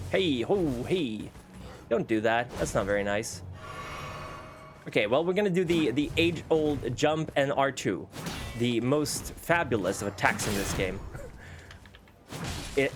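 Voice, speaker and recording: A man with a Swedish accent, a native Swedish speaker, chatting casually while streaming a game, rambling and restarting his sentences. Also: mid-range voice. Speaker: VTuber streamer. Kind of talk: casual gaming stream commentary. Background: faint background music.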